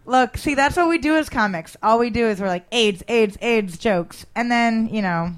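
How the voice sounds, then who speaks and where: A woman's voice: a little high, expressive, a little fast, smooth. A woman comedian as a guest in a casual interview, rambling and self-deprecating about her jokes.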